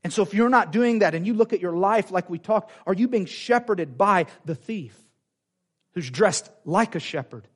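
Fervent preacher, high voice. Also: male voice, normal speed. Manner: animated preaching, acts out quoted voices, repeats phrases. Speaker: pastor. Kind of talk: sermon. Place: church sanctuary.

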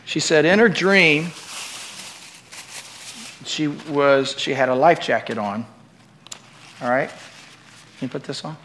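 A middle-aged man preaching in church with a slightly high voice. He climbs into loud, emphatic peaks, then drops into easy, joking talk with the congregation. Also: takes it slowly, pauses often, a little hiss or hum. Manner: swings from loud preaching to chatty asides with the congregation. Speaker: pastor. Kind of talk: sermon.

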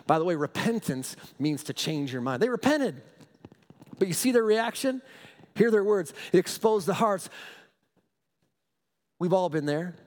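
Emphatic preacher guy, high-pitched, echoey sanctuary sound. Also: a little slow, pauses often. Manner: emphatic, animated, repeats for stress. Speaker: pastor. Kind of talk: sermon. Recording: long reverb of a large hall.

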